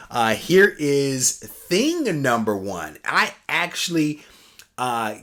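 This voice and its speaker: A man hosting his own channel, chatting casually as he unboxes and reads fan mail, relaxed with many pauses. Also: medium pitch. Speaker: comic collecting channel host.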